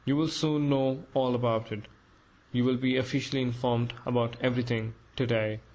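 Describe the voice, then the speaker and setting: A man's voice: medium pitch, steady tone, normal speed, a little mellow, close to an everyday voice, poor audio. A man voicing a stern, curt senior official who speaks emphatically.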